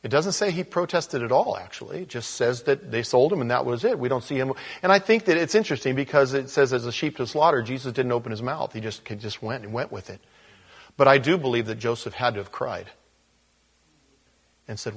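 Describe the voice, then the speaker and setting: A husky, medium-pitched man talks fairly quickly as he gives a conversational Bible lesson. The pastor reads scripture and adds offhand asides, playing out little quotes and chuckling along.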